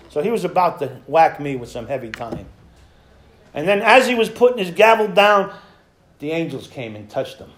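A man's voice: fairly high pitch, very animated, normal speed, fairly bright tone. A middle-aged man telling his recovery story at a meeting, acting out the other people in it. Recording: echoey room with faint noise.

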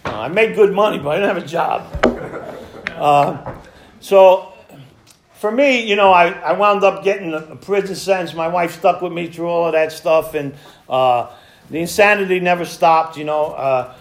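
In an echoey room, a man with a high-pitched voice shares his personal recovery story at a meeting. He talks conversationally at normal speed, acting out old conversations and chuckling at himself.

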